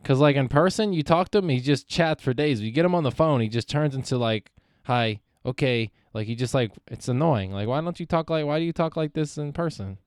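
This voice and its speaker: A man's voice: a little high, expressive, brisk, few pauses, darkish tone, no room sound, studio quality. A young man hosting a solo podcast, rambling and swearing freely, often trailing off and restarting. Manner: profane, meandering, self-interrupting. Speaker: podcast host.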